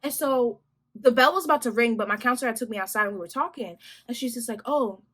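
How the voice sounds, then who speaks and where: Bright-voiced young woman telling a story. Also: a little high, fast. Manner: animated, slangy, talks straight to viewers. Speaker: vlogger. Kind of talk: casual storytime.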